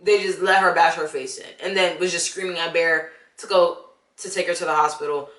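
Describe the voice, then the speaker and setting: A young woman, casually ranting about a movie she saw and talking straight to the viewer in an animated, exasperated way. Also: on the low side, a little fast, reverberant. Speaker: vlogger. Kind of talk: casual movie review rant.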